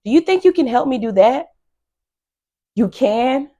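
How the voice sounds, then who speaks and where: A woman teacher giving a phonics lesson to young children, slow and encouraging with frequent praise. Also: high voice, animated, warm tone.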